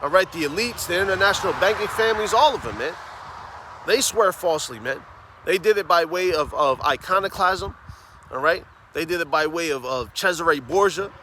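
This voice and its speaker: A man preaching on the street, fervent, tagging phrases with "man" and "all right?" and reading scripture slowly and emphatically. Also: sits high, animated, sharp tone, slight background noise. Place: outdoors on a city street.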